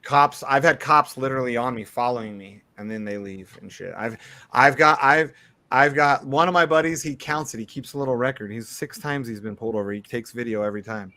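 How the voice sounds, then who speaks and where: A man with a mid-range voice talks a little fast in casual conversation, telling a story. He swears a lot and animatedly acts out what people said.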